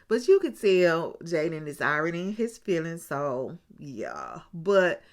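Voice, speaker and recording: A woman's voice: sits low, sing-song, unhurried. A woman hosting a casual recap of a reality TV show, acting out what people said and often turning to her viewers with asides. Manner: chatty storyteller with frequent asides to viewers.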